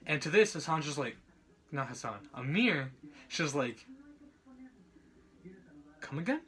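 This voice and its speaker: A young man talks through a book chapter like a student presenter, in a casual, meandering way. His voice sits a little high and sounds bright and forceful. He keeps correcting himself and filling gaps with fillers. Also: animated, normal speed. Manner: rambling, filler-heavy, self-correcting.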